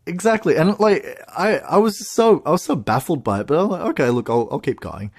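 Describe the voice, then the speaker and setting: A man co-hosting a podcast, chatting in an animated way with laughs and restarts. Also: a little high, a little fast, a crowd in the background. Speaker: podcast co-host. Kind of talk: casual chat. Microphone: podcast microphone.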